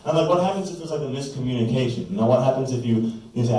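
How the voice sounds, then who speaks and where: A young adult man performs a stand-up set at a college open mic in a comedy club room, rambling and mocking himself with plenty of fillers. His medium-pitched voice is warm and races along, recorded from a distance in an echoey, noisy room.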